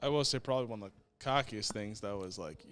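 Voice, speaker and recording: A man's voice: on the low side, a little fast, a bit bright. A man co-hosting a podcast in casual chat, making brief laid-back remarks from off the mic. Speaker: podcast co-host.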